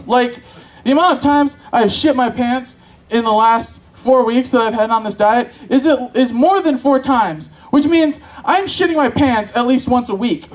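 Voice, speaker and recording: A man's voice: very high-pitched, poor audio. A man doing crude, rambling, self-mocking open-mic stand-up on a convention stage. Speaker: stand-up comic. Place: convention stage with live audience.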